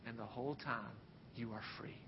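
A man preaching a sermon and telling stories, swinging from loud bursts to hushed near-whispers. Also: steady tone, moderate pace. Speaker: pastor. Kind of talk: sermon with storytelling. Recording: dull sound with long hall reverb, faint rumble.

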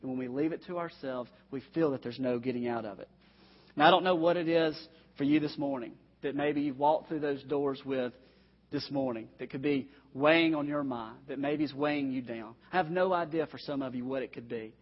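A man's voice: medium pitch, fairly quick. A man preaching a sermon to his congregation, earnest and direct, speaking straight to his listeners. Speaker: pastor. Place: church sanctuary. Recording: dull, echoey recording in a long-reverb hall.

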